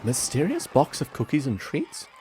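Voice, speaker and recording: A man's voice: medium pitch, huge pitch swings, normal speed, a little mellow, slight background noise. A man giving wry, self-mocking commentary over a video game. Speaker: gaming YouTuber. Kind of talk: casual gameplay commentary.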